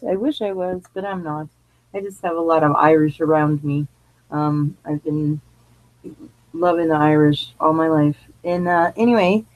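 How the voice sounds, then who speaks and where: Her voice is fairly low and dark, captured on a dry recording with poor audio. The woman chats rambling and loosely on a live radio show she hosts from her living room, laughing at herself along the way.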